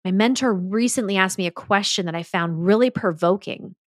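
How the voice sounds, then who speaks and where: A woman's voice: medium pitch, brisk, no room sound, studio quality. A woman hosting a solo podcast as a business mentor, talking in an earnest, emphatic way. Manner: earnest, emphatic, acts out quoted dialogue.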